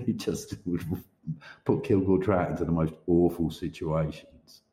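A man's voice: low voice, fairly even intonation, unhurried, dark tone, roomy sound. A man who is an author talking casually on a podcast, rambling, swearing and laughing often. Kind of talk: casual chat.

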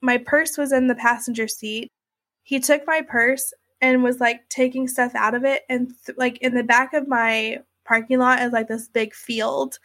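Young woman telling her own story, kinda high voice, lots of "like" and "you know". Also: steady tone, moderate pace, fairly bright tone. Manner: conversational, many fillers like "like" and "you know". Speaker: interviewee recounting her experience. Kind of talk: emotional personal storytelling.

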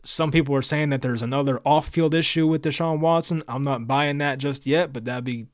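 A man's voice: a little high, fairly even intonation, brisk, no room sound. Casual man thinking aloud, dry sound. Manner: casual, thinking aloud with fillers and second-guessing. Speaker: sports video host. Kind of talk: casual solo sports preview.

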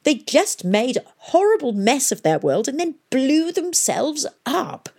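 A woman's voice: very animated, a little slow. Woman doing a whiny fussy old male historian. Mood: whining dismay. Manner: high quavering whine.

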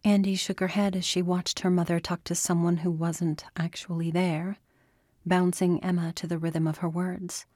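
A woman narrating a novel aloud in a quiet, measured, soft delivery. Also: on the low side, level tone, no echo, studio quality. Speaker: audiobook narrator.

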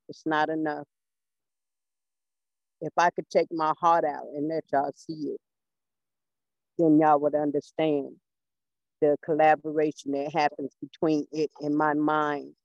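A woman on a group call thanking the class, halting and close to tears. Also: sits low, a little mellow, no echo, dull audio. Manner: halting, restarts, fighting back tears. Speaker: class participant.

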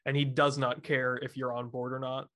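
A man co-hosting a film podcast, talking in an easygoing, measured way. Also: mid-range voice, level tone, bright, forceful tone, a little hiss or hum. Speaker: podcast co-host. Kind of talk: casual film podcast chat.

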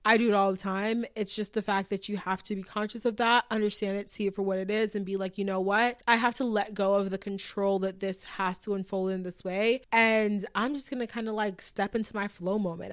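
A young woman hosts a podcast in a relaxed solo monologue. She sounds chatty and upbeat, speaks to her listeners like close friends and fills her sentences with "like.". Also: mid-range voice. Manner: chatty and upbeat, fond of filler "like"; encouraging, addresses listeners directly. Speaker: podcast host.

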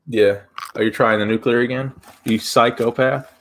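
A man's voice: mid-range voice, fairly even intonation, moderate pace, slight background noise. A man co-hosting a casual podcast, blunt and joking, swearing casually while eating. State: talking with food in his mouth. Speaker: podcast co-host.

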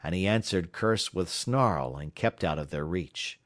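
Reading an audiobook, this South Carolina narrator keeps things steady and measured in a voice on the low side. The sound is close-miked and dry, without any room ambience.

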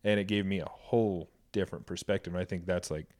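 A man's voice: low-pitched, fairly even intonation, fast talker, darkish tone. A man chatting candidly on a podcast, earnest and swearing freely as he tells a personal story. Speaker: podcast co-host. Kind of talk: casual podcast chat. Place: Boise, Idaho.

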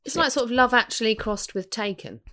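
A woman's voice: a little high, fairly quick, sharp tone. A woman in casual chat as a podcast co-host, playful and teasing with her questions.

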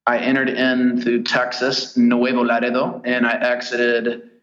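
Man from the US, guest on a podcast, relaxed storyteller, dull roomy line. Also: medium pitch, a little slow. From United States. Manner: easygoing storyteller, chatty and detailed. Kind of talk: casual interview chat.

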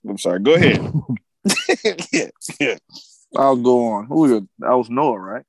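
A man co-hosting a casual podcast chat, an animated storyteller who laughs often and acts out movie lines. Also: medium pitch, normal speed, slight background noise. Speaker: podcast co-host.

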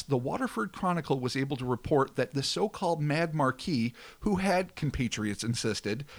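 A man hosting a podcast, reading a scripted history segment with dramatic flair between crude joking banter. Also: mid-range voice. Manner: dramatic narration with swearing banter.

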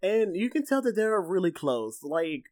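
A man co-hosting a casual film discussion, animated and full of "like" fillers. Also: high voice, normal speed. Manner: animated, filler-heavy, lots of "like". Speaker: podcast co-host.

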